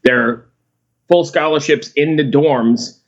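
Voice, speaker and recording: A man hosts a relaxed podcast chat in a slightly raised voice, laughing along and chiming in with quick agreement. His audio sounds dull and lo-fi, as if the high end is missing. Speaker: podcast host. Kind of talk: casual chat.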